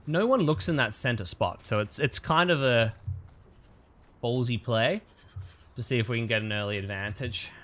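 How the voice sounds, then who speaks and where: A man's voice: medium pitch, normal speed, fairly bright tone. A man streaming a game, giving cheeky, scheming commentary with chuckling asides. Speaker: streamer playing a social deduction game. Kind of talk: gameplay commentary.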